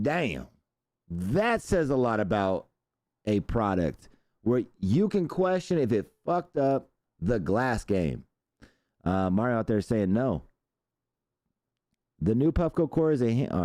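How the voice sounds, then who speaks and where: Male host, casual live chat with viewers, lively swooping delivery, mellow dark tone, dry close mic. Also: medium pitch, dry recording. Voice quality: loose, profane, animated. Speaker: show host.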